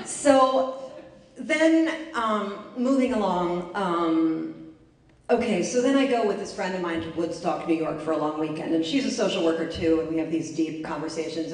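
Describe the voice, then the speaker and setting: A woman telling a personal story to a live audience in a wry, self-mocking comic way. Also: on the low side. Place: library event space. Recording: echoey room, mic far off.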